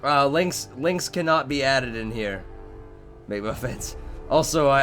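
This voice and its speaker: A man's voice: medium pitch, expressive, unhurried, fairly bright tone, faint music behind. A young man hosting a game live stream, talking casually with his chat in a rambling, profane way.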